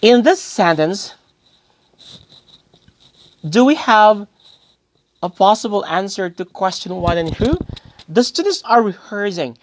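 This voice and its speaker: A man's voice: high-pitched, lively intonation, takes it slowly, long pauses, no room sound. A male English teacher giving a grammar lesson, posing questions to the class and then answering them himself, often calling his listeners "guys" and repeating key phrases.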